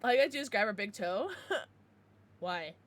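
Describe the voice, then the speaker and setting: A woman streamer chatting casually with her viewers, excitable and swearing freely. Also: medium pitch, normal speed. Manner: laughs and gasps often. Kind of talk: casual livestream chat with viewers.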